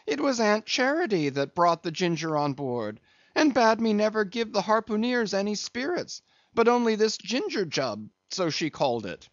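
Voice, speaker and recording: A man's voice: sing-song, moderate pace, no echo. A timid, anxious ship's steward, as a man plays him in an audiobook, pleading his case in a raised, nervous voice. The recording is dry and slightly muffled. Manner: high, anxious protesting. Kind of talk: audiobook reading.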